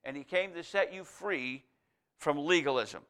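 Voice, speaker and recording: A man's voice: on the high side, a little slow, a bit bright, smooth. A man preaching a sermon, reading scripture aloud and driving his points home with repeated contrasts. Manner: emphatic, repetitive contrasts, reads scripture aloud.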